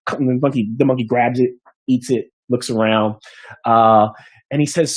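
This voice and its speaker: A man's voice: mid-range voice, fairly even intonation, normal speed, dry recording. A man narrating as game master of a tabletop game, rambling with many restarts.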